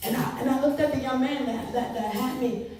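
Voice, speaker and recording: A woman telling her testimony to an audience, expressive and repeating her words as she acts out what people said. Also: high voice, a little fast. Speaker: speaker giving testimony. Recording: echoey room from far off with noise.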